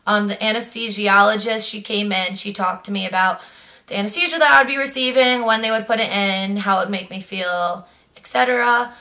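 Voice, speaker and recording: A young woman vlogger tells a personal story in a chatty, casual way, animatedly acting out what other people said. She speaks at a medium pitch and a fairly quick pace.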